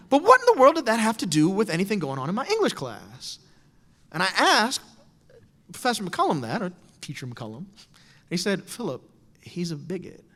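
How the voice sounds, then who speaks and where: A man's voice: sits high, moderate pace. A middle-aged man telling a wry personal story to an audience in a lecture hall. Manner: animated, wry, storytelling with quoted voices. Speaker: speaker giving a talk. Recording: lecture hall with long reverb.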